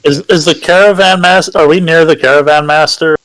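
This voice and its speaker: A man's voice: on the high side, fairly even intonation, a little fast, a bit bright, dry recording, poor audio. A man playing a tabletop game who stumbles over his words as he describes his actions. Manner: stumbling, hesitant. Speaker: player. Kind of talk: casual tabletop role-play.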